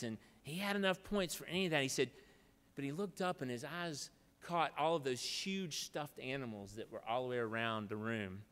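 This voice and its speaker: A man's voice: medium pitch, expressive, normal speed, fairly bright tone. Preacher man with chamber reverb. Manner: folksy, rambling storytelling, then solemn prayer. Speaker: preacher giving the opening devotional. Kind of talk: storytelling devotional and prayer. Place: legislative chamber. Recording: long reverb of a large chamber.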